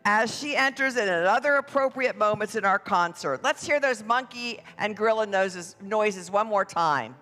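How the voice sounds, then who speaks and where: A parade announcer emceeing a church event for families in a playful, drawn-out way. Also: mid-range voice, sharp tone. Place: church hall. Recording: echoey hall with music behind.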